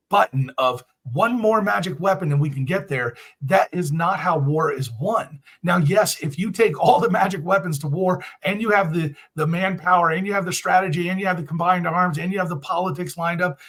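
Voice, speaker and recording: A man's voice: fairly high pitch, fairly bright tone, slightly rough. A man giving blunt, emphatic commentary as a guest in an interview. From United States.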